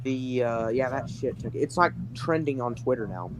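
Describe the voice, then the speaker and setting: A man's voice: mid-range voice, animated, moderate pace, a little hiss or hum, low-quality recording. A man chatting casually in a blunt, crude way as a guest. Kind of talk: casual chat.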